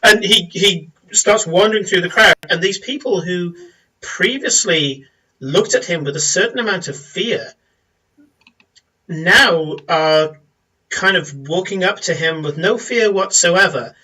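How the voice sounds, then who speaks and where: A man narrating a tabletop game as game master, descriptive and unhurried, with many small pauses and fillers. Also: high-pitched, bright, forceful tone, breathy edge, distant mic, poor audio.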